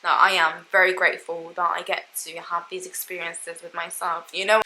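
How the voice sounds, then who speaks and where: A young woman vlogs about traveling solo, chatting in a casual, reflective way full of "like" and "you know what I mean." Her voice is fairly low and evenly pitched, bright and forceful at a normal pace, and she sounds tearful and emotional. The recording is low quality, with slight background noise.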